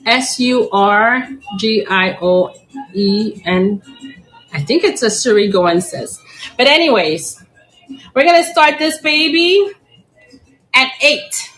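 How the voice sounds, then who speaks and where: A woman's voice: fairly high pitch, expressive, slow, pauses often, a bit bright, low-quality recording. A middle-aged woman hosting a casual live plant sale. She chats, giggles often and stumbles over plant names, sometimes spelling them out. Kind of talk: casual live-auction chat.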